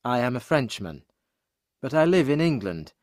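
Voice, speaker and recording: A man's voice: medium pitch, sing-song, normal speed, no room sound, studio quality, lightly acted. A man voicing an earnest young French teacher in an audiobook, pleading politely.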